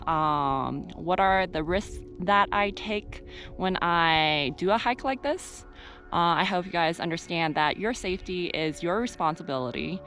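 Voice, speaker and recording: A woman's voice: lowish voice, a bit bright. A young woman vlogging while hiking a mountain trail, chatting playfully to the camera with plenty of fillers, at times out of breath. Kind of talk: casual vlog while hiking.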